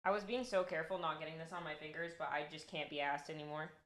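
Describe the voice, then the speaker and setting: A young woman streamer chatting casually and rambling excitedly while she crafts at home. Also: deep voice, fast talker. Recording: roomy room echo.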